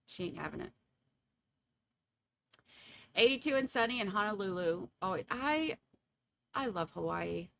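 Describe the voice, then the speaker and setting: A woman's voice: mid-range voice, expressive, a little slow, vocal fry, pauses often, pushed and bright. A woman, chatting casually and laughing as she reads viewer comments at home. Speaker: livestream host.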